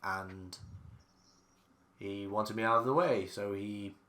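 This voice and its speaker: A man's voice: fairly low pitch, slow, bright, forceful tone, roomy sound. A man voicing a male elf prince trapped in a beast's body, speaking plainly and pleading to be believed, in a tabletop game. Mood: earnest.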